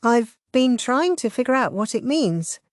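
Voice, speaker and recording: A woman voicing a thoughtful young village woman who explains things gently. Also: fairly high pitch, sing-song, measured pace, no echo, pitched above the performer's own voice.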